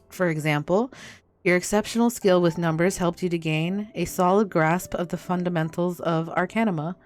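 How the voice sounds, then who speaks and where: Woman reading a wise, stern female guild mistress from a game, formal and measured. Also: on the low side, lightly acted.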